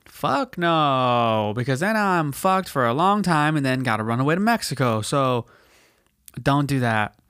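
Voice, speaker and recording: A man's voice: medium pitch, lively intonation, measured pace, a bit bright, smooth, no echo, studio quality. Foul-mouthed man telling a story. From United States. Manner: profane, slangy, dramatizes quotes with put-on voices. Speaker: podcast host. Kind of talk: casual storytelling monologue.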